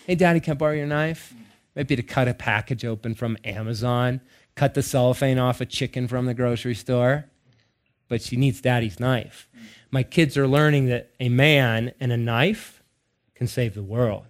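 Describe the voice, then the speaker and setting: A man in his thirties or forties preaching, telling family stories with laughter and animated bursts. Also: mid-range voice, moderate pace. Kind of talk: sermon-style storytelling.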